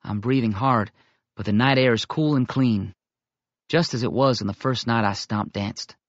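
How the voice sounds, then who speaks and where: A man narrating a first-person audiobook in a steady, measured storytelling voice. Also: mid-range voice, no echo, dull audio.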